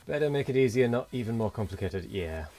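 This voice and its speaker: A man's voice: medium pitch, lively intonation, fast talker, dark tone, faint music behind. A man hosting a late-night game live stream, tired and rambling as he thanks viewers and chats with his co-player. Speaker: streamer host. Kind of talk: casual live-stream chat.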